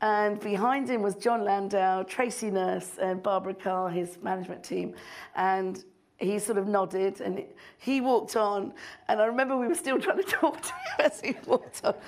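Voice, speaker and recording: A middle-aged woman, a filmmaker guest on stage, telling an animated anecdote with frequent laughter and mimicry. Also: medium pitch, moderate pace.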